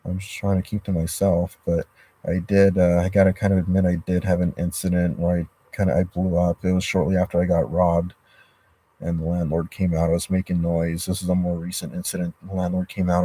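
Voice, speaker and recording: A man talks into a livestream from inside a parked car, his voice deep and low. His tone is dark and mellow. He rambles, swears often and restarts sentences as his frustration spills out. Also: completely flat delivery, a little fast. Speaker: livestreamer reading chat comments. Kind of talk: rambling live-stream chat.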